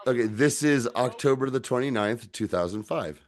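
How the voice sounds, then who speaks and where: A man's voice: medium pitch, lively intonation, normal speed. A man co-hosting a casual online show, telling loose, joking stories over a video call. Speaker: podcast co-host. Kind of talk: casual chat.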